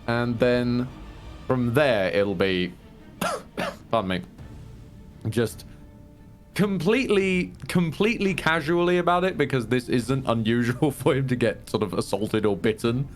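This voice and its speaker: A man's voice: mid-range voice, a little slow, long pauses, faint music behind. Wry, chatty male tabletop player. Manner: chatty, wry, laughing asides. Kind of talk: casual tabletop play.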